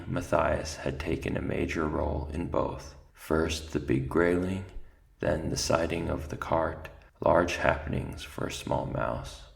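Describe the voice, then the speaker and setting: A man narrating a novel aloud with a measured storytelling cadence. His voice is extremely low and heavily gravelly. The reading moves steadily through the prose. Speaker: reader. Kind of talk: audiobook narration.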